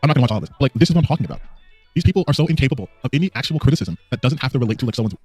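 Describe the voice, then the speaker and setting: Heiserer, schnell redender Kommentator. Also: male voice, mid-range voice, expressive, very fast, a little mellow, slightly rough, no echo, faint music behind. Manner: mocking, dismissive, filler-heavy. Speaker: reaction video commentator. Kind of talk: casual reaction commentary.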